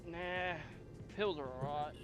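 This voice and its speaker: A man's voice: on the high side, takes it slowly, over music. Blunt, foul-mouthed Australian man. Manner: blunt, swears constantly. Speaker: gamer in voice chat. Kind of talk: casual chat.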